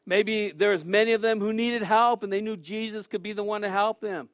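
A middle-aged man preaching a sermon as pastor, telling stories with lively acted-out quotes and laughter. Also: high-pitched, a little fast, no echo, clean studio sound. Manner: animated storytelling, acts out quotes with shouts and laughs.

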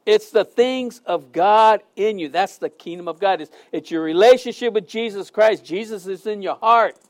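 A middle-aged man preaching a sermon to a congregation, chatty and lively with jokes and asides. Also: sits high, moderate pace. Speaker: pastor. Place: church hall before a congregation.

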